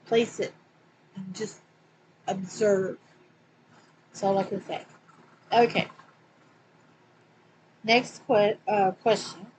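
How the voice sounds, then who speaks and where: A woman with a Southern accent, reading Bible questions and verses aloud slowly, with small slips and asides. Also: medium pitch, fairly even intonation, a little mellow, slight background noise, poor audio. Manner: slow and deliberate, reads quotes slowly with small slips and asides. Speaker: Bible study reader.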